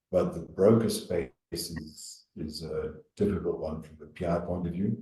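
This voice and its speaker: A man's voice: low-pitched, dark tone, reverberant, far from the mic, poor audio. A man speaking bluntly and informally as a panelist in an online discussion. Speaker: webinar panelist.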